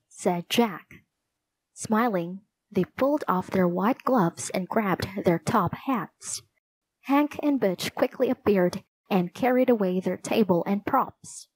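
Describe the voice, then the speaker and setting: A woman reading a children's chapter book aloud with clear, deliberate storytelling. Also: medium pitch, a little mellow, no echo, rough recording. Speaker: narrator.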